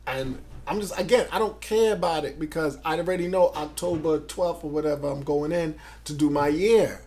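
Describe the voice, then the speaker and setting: A man from Grenada in his forties tells his story in a casual interview, his voice sitting fairly high. He gets loud and excited and acts out the words of the people in his tale. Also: normal speed. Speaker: interview guest.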